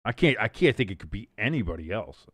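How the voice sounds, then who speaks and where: A man hosting a live watch-along stream, calling the plays casually and jumping sharply in pitch and volume on big moments. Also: big pitch swings, fast talker, dry recording, clean studio sound. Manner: mumbles and scats to himself while thinking. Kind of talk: casual live play-by-play commentary.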